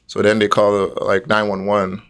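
A man's voice: fairly low pitch, completely flat delivery, normal speed, fairly bright tone, smooth. A young man from Nigeria, the guest, telling a story in casual chat and laughing often along the way.

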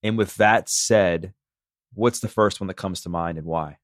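Podcast host guy, lowish voice, measured questions, dry sound. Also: dry recording. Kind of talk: podcast interview.

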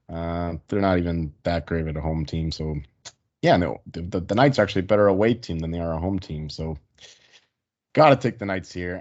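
Man, very low voice, casual betting talk, profane, slightly dull sound. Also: a little mellow. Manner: profane, joking, rambling. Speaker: sports betting panelist. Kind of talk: casual sports betting chat.

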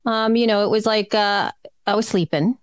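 A woman's voice: mid-range voice, normal speed, clean tone, dry recording, clean studio sound. A woman in her thirties, co-hosting a casual chat, telling a story with many fillers and restarts. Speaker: podcast co-host.

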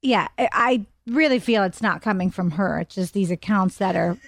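A woman's voice: mid-range voice, moderate pace, creaky, no room sound. A woman co-hosting a radio show, chatting casually and joking along. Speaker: radio co-host.

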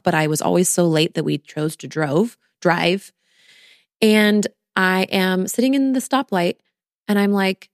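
A woman's voice: mid-range voice, a little mellow, no room sound, clean studio sound. A woman in her thirties hosting a podcast, talking earnestly and directly to her listeners as a postpartum coach. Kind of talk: casual solo podcast talk.

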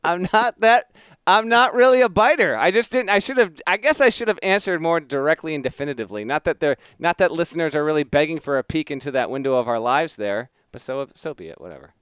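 A man in his thirties with a smooth, clear voice co-hosts a sports podcast. He teases his partner with wry, dry humor. The sound is close and dry, with no room in it. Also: fairly high pitch, animated, fast talker, fairly bright tone, no room sound. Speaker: podcast co-host. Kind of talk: casual sports chat.

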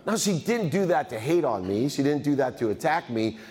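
A man giving a motivational keynote speech, energetic and emphatic, often repeating phrases for effect. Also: mid-range voice, fairly quick, a little hiss or hum. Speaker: motivational speaker. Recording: reverberant hall.

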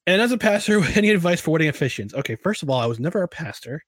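A man's voice: a little high, sing-song, racing, hardly any pauses, slightly rough, no room sound, clean studio sound. A young man hosting a podcast, chatting casually and rambling through listener questions with frequent restarts. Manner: rambling, with many restarts and laughs. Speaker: podcast host.

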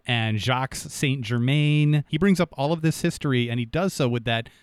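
A man's voice: medium pitch, moderate pace, clean tone, no echo. A man co-hosting a podcast, chatting in an upbeat, playful way into a studio microphone. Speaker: podcast co-host. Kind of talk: casual podcast chat.

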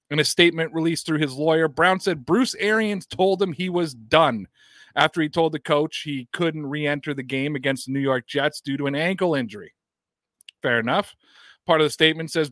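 A man's voice: a little high, no room sound, clean studio sound. A man hosting a sports podcast, going through a news story in casual commentary, talking straight to his audience and reading statements aloud. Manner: animated, talks to the audience directly, recounts and reads out statements.

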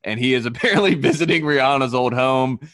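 A man co-hosting a casual sports podcast, talking with animated emphasis and laughing often. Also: medium pitch, fast talker. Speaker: podcast co-host.

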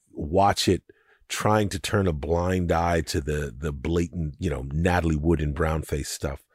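A man co-hosting a podcast, talking through a film in animated, casual discussion and often restarting his sentences. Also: deep voice, slightly rough, no room sound, clean studio sound. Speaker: podcast co-host.

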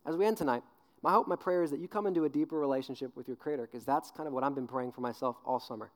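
Fast-talking young male preacher. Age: 20s. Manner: animated storyteller, acts out voices with big pitch jumps; earnest, drops soft and low on serious points. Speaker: youth pastor. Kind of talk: sermon.

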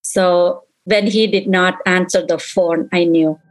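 Mother recounting loss, halting and emotional. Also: lowish voice, steady tone, poor audio. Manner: halting, repeats herself, relives quoted dialogue. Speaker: interviewee, mother of victim.

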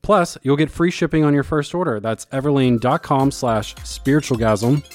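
A man's voice: mid-range voice, moderate pace, faint music behind. A man co-hosting a podcast, reading ads in a playful, teasing banter. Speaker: podcast co-host. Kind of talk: playful ad read.

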